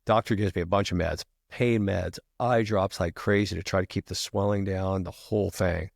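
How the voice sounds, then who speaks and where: Low-voiced retired firefighter guy, swears a lot, says freaking constantly, dead dry studio mic. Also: steady tone, moderate pace, gravelly, no echo. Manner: profane, fills every line with "freaking". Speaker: podcast guest, retired firefighter. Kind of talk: casual storytelling.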